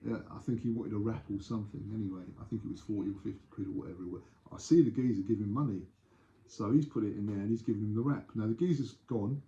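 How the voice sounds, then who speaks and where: An older man casually telling anecdotes as an interview guest, animated and acting out the voices in his stories. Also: fairly low pitch, quick pace. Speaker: interview guest, former doorman. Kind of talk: casual storytelling. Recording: echoey room, dull lo-fi sound.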